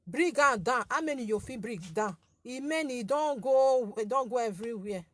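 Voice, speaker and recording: A woman's voice: fairly high pitch, lively intonation, moderate pace, a bit bright, no echo. Chatty Nigerian woman with a girlish voice. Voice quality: light, girlish voice. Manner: chatty and scolding, repeats herself, laughs often. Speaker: social media page host. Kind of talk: casual live chat with followers.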